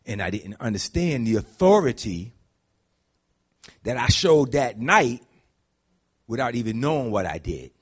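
A man preaching a conversational sermon, dropping to low murmurs and climbing to high shouts. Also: sing-song, a little slow, pauses often, breathy edge. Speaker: pastor.

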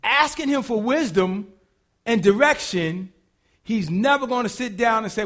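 A man's voice: very high-pitched, lively intonation, measured pace, fairly bright tone. A man preaching a sermon, colloquial and humorous, acting out quotes and asides as he teaches. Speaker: pastor.

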